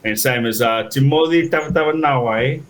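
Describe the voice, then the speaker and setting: A man's voice: medium pitch, normal speed. A man co-hosting a rugby podcast, teasing his mates and speaking in casual slang. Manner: teasing, joking, mate-heavy slang. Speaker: podcast co-host. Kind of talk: casual banter.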